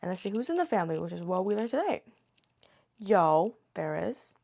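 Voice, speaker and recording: A woman teaching a beginner language lesson in a slow, patient way, muttering and correcting herself as she writes. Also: mid-range voice, sing-song, vocal fry, a little mellow. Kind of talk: casual beginner lesson, writing on board.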